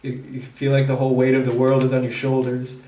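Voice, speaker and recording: A man gives an intuitive tarot reading in a searching, halting way, often breaking off and restarting. His pitch stays fairly level. He sits some distance from the microphone in a roomy, echoing space. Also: completely flat delivery, mellow. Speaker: tarot reader. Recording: roomy echo, distant mic.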